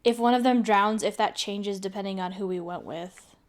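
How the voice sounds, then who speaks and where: A woman's voice: medium pitch, moderate pace. A woman streaming a game, chatting casually and laughing often. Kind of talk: casual let's-play chat.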